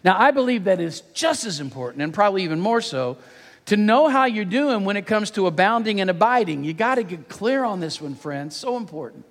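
Older male pastor, conversational sermon, slightly high voice, long hall reverb. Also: expressive, brisk. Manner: conversational, storytelling preaching. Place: church auditorium.

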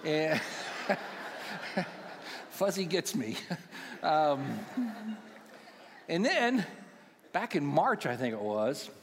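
Joking sixty-something pastor in a reverberant church. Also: male voice, a little high, very animated, drawn-out words, long pauses, slight background noise. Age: 60s. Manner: humorous, self-deprecating storytelling to a congregation. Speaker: pastoral care minister. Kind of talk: sermon. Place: large church auditorium. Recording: long church hall reverb.

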